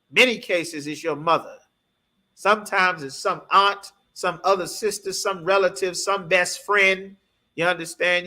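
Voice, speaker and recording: A man's voice: high-pitched, bright, forceful tone. A man teaching a scripture class in an emphatic preaching manner, often checking in with his listeners. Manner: emphatic, keeps asking "you understand?".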